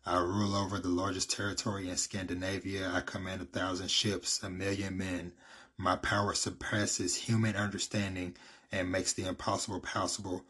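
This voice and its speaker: A man reading the lines of a proud, cold and scheming young male emperor in his own low, husky voice during a story recap. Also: little pitch movement, moderate pace, fairly bright tone.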